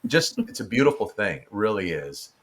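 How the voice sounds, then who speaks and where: A man's voice: fairly low pitch, very animated, normal speed, breathy edge. A man hosting a podcast interview, effusive and stammering, getting emotional and welling up. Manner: effusive, stammers with repeated words. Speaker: podcast host. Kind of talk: casual interview chat.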